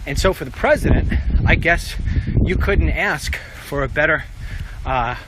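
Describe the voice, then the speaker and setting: A man talking in a walk-and-talk vlog monologue, animated and ranting, acting out the voices of people he quotes. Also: a little high, a little slow, noisy background. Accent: New York. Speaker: political commentator and show host. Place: outdoors on a city street.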